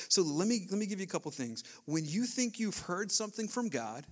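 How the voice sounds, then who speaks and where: A man in his thirties preaching a sermon as a pastor, telling a story in an animated, casual way with slang. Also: fairly high pitch, brisk, hardly any pauses.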